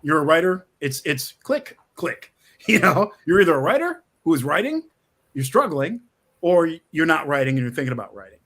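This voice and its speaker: His voice is fairly high and his pace moderate. This middle-aged screenwriter, interviewed as a guest over a video call from his office, tells lively stories, often breaking off to restart sentences and laughing a lot.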